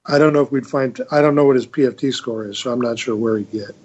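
Older male panelist on a muffled remote line, measured and halting, lots of "uh.". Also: mid-range voice, a little mellow. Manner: measured, hesitant, many fillers. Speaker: retired Marine colonel, panelist. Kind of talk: casual panel discussion.

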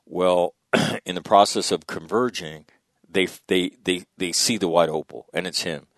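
A man's voice: steady tone, unhurried, dry recording. A man telling a war story in a podcast conversation, blunt and profane, dropping his voice when quoting. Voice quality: low gravelly voice. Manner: blunt, profane, drops to a hush for quoted dialogue. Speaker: guest, former military officer.

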